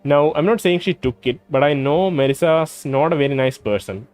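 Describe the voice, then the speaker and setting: A man's voice: on the high side, normal speed, darkish tone, soft background music, natural voice. A man reading aloud the lines of a sweet, timid young female thief in a game. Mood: mock indignant. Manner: reads the character's lines aloud in a plain reading voice.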